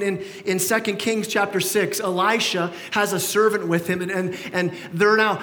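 A male pastor with a fairly high voice delivers a lively sermon. He acts out the people he quotes with mounting emphasis. His voice rings with the long reverb of a church sanctuary.

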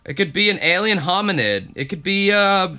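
Man, casual podcast chat, profane, animated, sharp bright tone. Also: sits high, moderate pace, clear, resonant tone. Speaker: podcast co-host.

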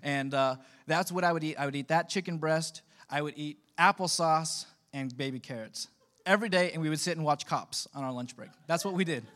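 A pastor in his thirties with a fairly high voice moves along at a fairly quick clip through a conversational, relaxed sermon. Joking asides to his congregation come up throughout.

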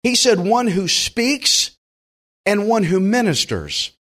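A man with a high-pitched voice and a Southern US accent preaches slowly from the pulpit. Folksy and animated, this pastor gives voice to each person he quotes.

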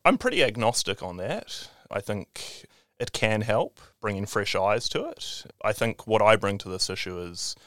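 Smooth-voiced New historian. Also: male voice, fairly low pitch, lively intonation, moderate pace, a bit bright, dry recording, clean studio sound. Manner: thoughtful, restarting often, light laughs. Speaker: historian guest. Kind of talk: conversational interview.

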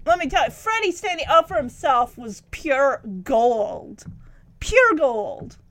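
High, lively-voiced woman recapping an episode. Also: a little slow, no echo. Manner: chatty, giggly, lots of fillers. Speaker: TV episode reviewer. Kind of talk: casual episode recap and review.

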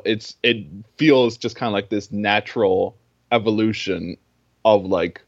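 Young man, low voice, dry muffled lo-fi mic, earnest rambling film talk. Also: steady tone, unhurried, no echo. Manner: earnest, rambling, many fillers and restarts. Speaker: film podcast co-host. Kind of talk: casual film discussion.

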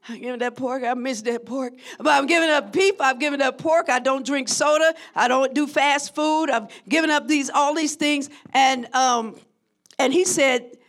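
A woman preaching a sermon who swings from hushed, drawn-out lines to shouted crescendos and calls out to her congregation. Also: high voice. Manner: call-and-response with the congregation.

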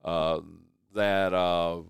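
A man hosting a local sports radio show, excitable and quick to laugh, calling everyone "dude". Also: sits low, clear, resonant tone, dry recording, clean studio sound. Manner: excitable, laughs often, says "dude" a lot. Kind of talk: casual sports radio chat. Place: radio studio. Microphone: studio microphone.

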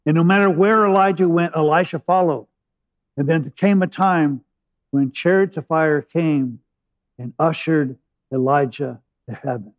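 A man preaching a sermon, retelling scripture with dramatic pauses and plain asides. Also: fairly high pitch, fairly even intonation, lo-fi sound.

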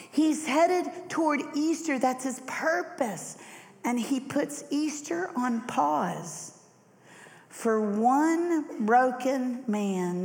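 A middle-aged woman preaching a sermon, telling the story in a lively way and acting out the voices. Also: fairly high pitch, gravelly. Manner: animated storyteller who acts out voices. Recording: echoey hall reverb.

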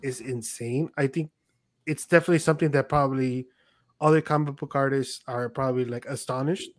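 A young man telling a story on his podcast, acting out what everyone said. His voice sits at an average pitch for a man, and it is recorded close and dry with no room sound. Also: brisk, dry recording. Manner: animated storyteller, quotes himself and others. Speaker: podcast host. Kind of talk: casual chat.

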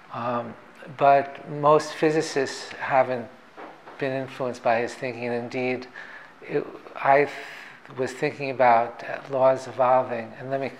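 Brief: male theoretical physicist, mid-pitched, thoughtful and measured, professorial explainer. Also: slight background noise, poor audio. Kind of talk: reflective explanatory talk.

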